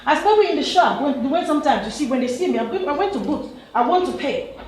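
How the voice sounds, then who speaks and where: A woman's voice: high-pitched, lively intonation, fast talker, darkish tone, a little hiss or hum. A woman from Nigeria speaking up from the audience at a panel, emphatic and laughing as she talks, with many restarts. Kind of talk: impassioned comment from the floor. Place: university lecture hall. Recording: echoey lecture hall.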